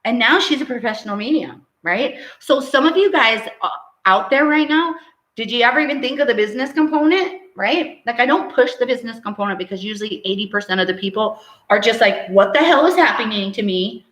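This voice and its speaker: A woman who works as a medium, hosting a live stream, reading out viewer comments and preaching in an animated way that keeps ending on "right?". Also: fairly high pitch, a little fast, roomy sound, poor audio.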